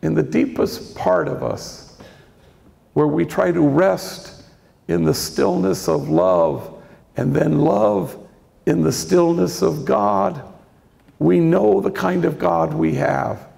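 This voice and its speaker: An older man in his sixties, a priest giving a reflective storytelling talk on faith, with a gentle manner and a gravelly voice. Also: on the high side, lively intonation, slow. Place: large lecture hall. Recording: reverberant hall.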